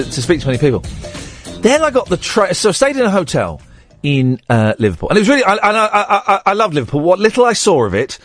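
Rambling radio host, lively pitch. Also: male voice, no room sound, clean studio sound. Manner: rambling, self-deprecating storytelling with many restarts. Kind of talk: late-night radio monologue.

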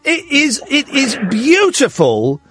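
Animated sarcastic male radio host. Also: very high-pitched, slow pace. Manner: sarcastic, animated, laughs at own stories. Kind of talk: late-night phone-in chat.

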